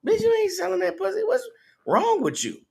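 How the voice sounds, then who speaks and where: A man putting on a brash, crude male pimp who taunts in rapid street talk. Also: very high-pitched, huge pitch swings, vocal fry, a little mellow, voice pushed up, exaggerated voice. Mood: taunting.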